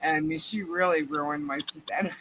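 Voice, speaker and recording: A woman's voice: deep voice, steady tone, moderate pace, fairly bright tone, slight background noise, poor audio. A middle-aged woman co-hosting a live stream, telling a long family story in a rambling, chatty way and laughing between sentences. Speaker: livestream co-host.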